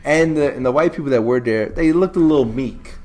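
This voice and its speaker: A man co-hosting a podcast, talking casually about the news in a relaxed way, with lots of "you know" asides. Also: medium pitch, a little fast, a little hiss or hum. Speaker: podcast co-host.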